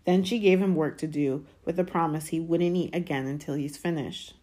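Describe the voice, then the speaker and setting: Woman, low voice, calm steady audiobook reader. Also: normal speed. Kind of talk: reading a novel chapter aloud.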